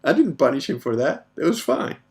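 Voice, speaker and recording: A man's voice: on the high side, big pitch swings, brisk, darkish tone. A man hosting a casual question-and-answer show, telling crude, profane stories and laughing often. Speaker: podcast host. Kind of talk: casual Q&A monologue.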